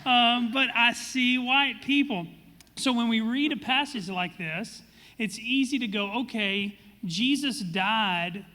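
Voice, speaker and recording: A man's voice: extremely high pitch, measured pace, sharp tone, in a large hall. A man, a pastor, preaching and then leading a panel discussion in an earnest, conversational way. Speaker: pastor hosting a church discussion. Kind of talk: sermon and moderated panel.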